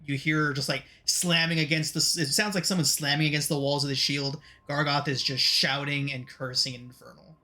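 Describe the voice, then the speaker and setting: Game master, male, bright clear tone, steady descriptive narration. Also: on the high side. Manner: descriptive, measured.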